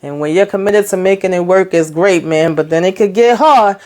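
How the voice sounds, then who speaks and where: A woman's voice: fairly low pitch, a little fast, a little mellow. A woman runs through a TV episode recap in a loose, conversational way. She talks in an easy, colloquial manner and laughs often as she tells it. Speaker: TV show reviewer.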